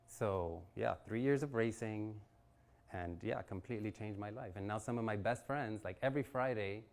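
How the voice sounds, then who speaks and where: At an event venue, a guest speaker in his forties shares a personal story with a networking crowd, often laughing and performing the quotes. He has a lowish, gravelly, slightly mellow voice and speaks at a moderate pace.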